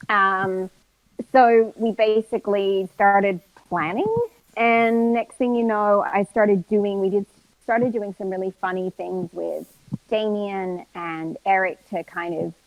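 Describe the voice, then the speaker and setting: Lively Australian woman telling stories. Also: medium pitch, dry recording, rough recording. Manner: lively storyteller, acts out quotes, laughs often. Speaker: voice actor guest. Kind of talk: casual live-stream interview.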